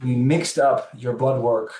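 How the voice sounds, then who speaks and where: Here a medium-pitched man, unhurried, plays out the voices of characters from his own story while appearing as a podcast guest. The echoey room and distant mic come with a little hiss or hum, and he tells it all with animated energy.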